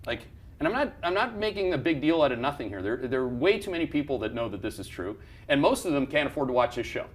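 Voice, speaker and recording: A man hosting a market commentary show, talking bluntly and heatedly, swearing and restarting his sentences as he rants through charts. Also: mid-range voice. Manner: fired-up, blunt ranting with profanity and repeated restarts. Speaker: investment firm CEO hosting a market show.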